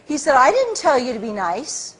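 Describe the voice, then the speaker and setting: Husky animated woman telling a story. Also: normal speed. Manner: acts out quoted people with big pitch jumps. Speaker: speaker at a public talk.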